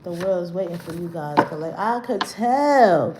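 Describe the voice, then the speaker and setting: A woman's voice: on the low side, animated, unhurried, a little mellow, slight background noise. A woman hosting a livestream, ranting in a brash, profane and confrontational way, rambling with slang and restarts, her voice echoing in the room. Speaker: livestream host. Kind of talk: unscripted livestream rant. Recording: roomy echo.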